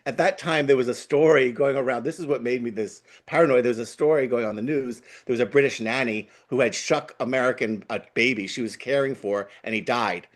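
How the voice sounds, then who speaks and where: A man with a Long Island accent tells a story as a guest, animated and acting out the people in it. His voice sits at a plain middle pitch, and he talks casually and openly. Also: a little fast, hardly any pauses.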